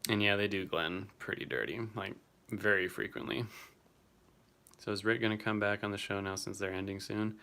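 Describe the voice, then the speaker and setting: Young guy streaming and reading chat, bright crisp voice, kinda low pitched, swears casually. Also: steady tone, moderate pace. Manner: chatty, answers viewers by name, swears casually.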